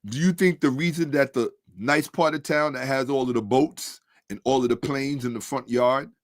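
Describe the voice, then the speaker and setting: A man's voice: mid-range voice, moderate pace, dry recording, clean studio sound. A man in a combative commentary monologue, sarcastic and repeating his points for emphasis, dropping to a mutter while he checks his screen.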